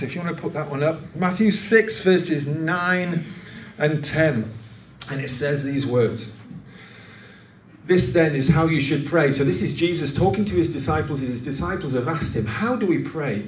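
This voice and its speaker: A man preaching a sermon, telling a long story and acting out its voices with raised pitch. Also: a little hiss or hum. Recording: roomy, distant church recording.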